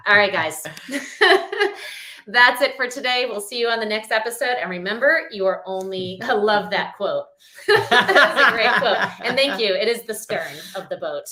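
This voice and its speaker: A woman's voice: fairly high pitch, lively intonation, moderate pace, pushed and bright. Chatty giggly woman in an echoey room. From Rhode Island. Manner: chatty, giggly, loses her train of thought. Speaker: podcast co-host. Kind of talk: casual chat. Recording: roomy echo.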